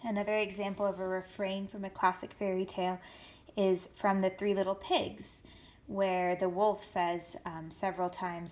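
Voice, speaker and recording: A woman teacher records a writing lesson for young students. She explains each step clearly and speaks in an encouraging way. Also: medium pitch, level tone, moderate pace, darkish tone.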